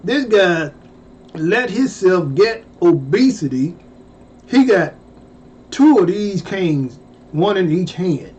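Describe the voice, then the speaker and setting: Man, high voice, slow delivery, casual profane storytelling, loud high exclamations. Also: big pitch swings. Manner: exclaims loudly, jumping high in pitch and swearing. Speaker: storyteller vlogger. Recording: dull lo-fi recording.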